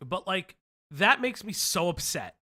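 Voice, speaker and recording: A man co-hosting a reaction stream, talking in a loose, animated way, often laughing and swearing. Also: high voice, unhurried. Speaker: stream co-host reacting to a video. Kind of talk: casual reaction stream chat.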